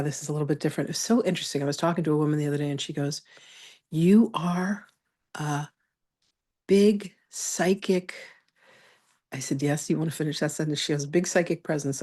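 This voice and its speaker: A woman's voice: sits low, a little mellow. A woman teaching a live online spiritual masterclass, telling chatty stories and greeting attendees by name.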